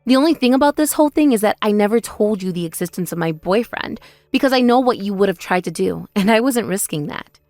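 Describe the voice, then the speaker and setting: A woman voicing a wronged older sister who answers in a measured, pointed way in a text-message story drama. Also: medium pitch, lively intonation, dry recording, soft background music, close to an everyday voice. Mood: calm. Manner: measured, pointed, quietly sarcastic.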